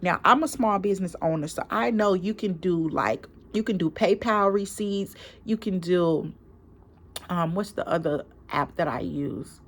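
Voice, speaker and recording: A woman vlogger and small business owner, a parent, retelling a story in a casual, emphatic, animated way with quoted dialogue. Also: lowish voice, a little slow. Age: adult parent.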